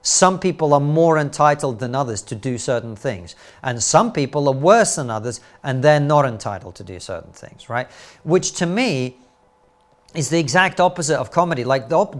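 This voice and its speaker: A middle-aged man with a slightly raised pitch tells stories as a podcast guest. He moves fast between anecdotes and rhetorical questions in a lively, engaged way. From Soviet Union, raised later in Britain. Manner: animated storyteller, quick asides and rhetorical questions. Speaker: guest, comedian and commentator. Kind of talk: podcast interview.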